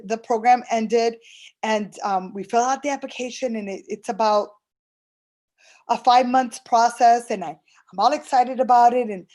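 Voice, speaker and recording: Her voice sits on the high side with a darkish tone. She's an early intervention interpreter sharing a personal testimonial, telling her story earnestly and acting out conversations from her past.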